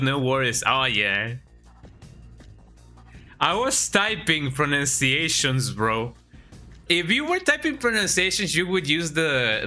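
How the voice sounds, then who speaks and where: A man's voice: medium pitch, sharp tone. A man streaming a video game, chatting casually and rambling, often tagging his remarks with a questioning "eh?". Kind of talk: casual live-stream chat while gaming.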